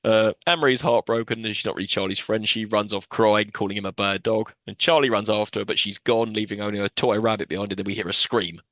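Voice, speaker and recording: A man's voice: lowish voice, fast, few pauses, fairly bright tone, dry recording. A man co-hosting a podcast, recapping a film plot in casual chat with sarcastic, sweary asides. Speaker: podcast co-host.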